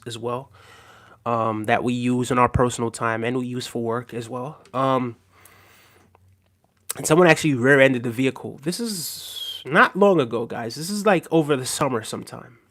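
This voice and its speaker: Male livestream host, middle pitch, casual rambling talk, lots of fillers and repeated "right?". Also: a bit bright. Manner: repeats himself, asks "right?" often, many fillers. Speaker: livestream host reading viewer comments.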